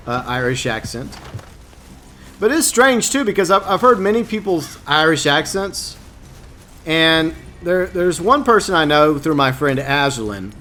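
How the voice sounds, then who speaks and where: A man's voice: fairly high pitch, bright, forceful tone, slight background noise. Chatty man rambling to stream chat. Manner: rambling, stumbling over words, self-mocking. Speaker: live game streamer. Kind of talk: casual chat with viewers while gaming. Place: home streaming setup, Louisiana.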